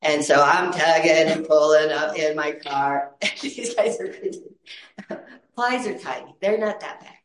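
A woman's voice: deep voice, unhurried. A middle-aged woman telling a story with lots of laughter and acted-out voices, then turning it into an encouragement of faith. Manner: animated, laughs often, acts out quoted voices. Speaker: storyteller sharing a testimony. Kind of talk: casual storytelling with a Christian message. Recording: echoey room.

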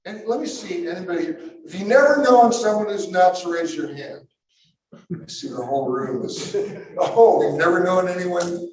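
A man preaching a sermon to a live audience, emphatic and bursting into shouts, with musing asides. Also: high voice, normal speed. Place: large room with a live audience. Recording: echoey hall, mic far off.

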